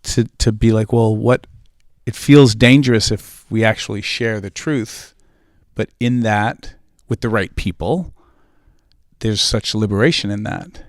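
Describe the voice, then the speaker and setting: Man from new england, panelist, low voice, earnest, personal stories, dry sound. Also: unhurried, dry recording. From New England, United States. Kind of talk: podium discussion.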